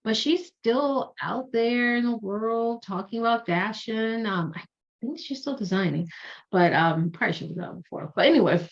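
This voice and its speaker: A woman's voice: a little high, animated, moderate pace, gravelly. A woman career coach talking casually and at length, chatty and digressive, often correcting herself. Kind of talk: casual explanatory talk. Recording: dull lo-fi sound.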